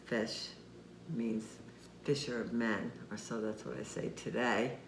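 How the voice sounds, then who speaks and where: A man teaching children, gently and patiently walking them through a craft and talking straight to them. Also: medium pitch, steady tone, slow pace, vocal fry. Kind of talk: craft demonstration for kids. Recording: echoey room with faint noise.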